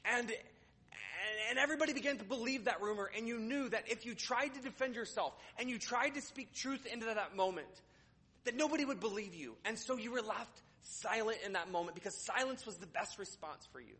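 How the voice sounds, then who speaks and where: Bright husky-voiced pastor preaching. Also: male voice, high voice, fairly quick. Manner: conversational with sarcastic humor, hesitant restarts. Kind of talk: sermon. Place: church.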